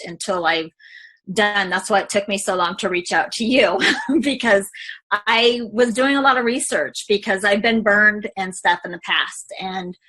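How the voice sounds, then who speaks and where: A woman telling an interviewer about her experience as a client, halting with many fillers and tearful at times. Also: medium pitch, bright, forceful tone. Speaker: client giving a testimonial. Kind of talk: emotional testimonial interview.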